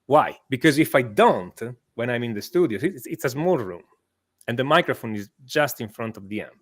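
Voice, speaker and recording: A man's voice: medium pitch, lively intonation, normal speed. A man who is a guest guitar teacher, explaining guitar sound with frequent laughs and lots of "okay"s, talking from a small home studio. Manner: explanatory, laughs often, with many okays. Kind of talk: casual chat.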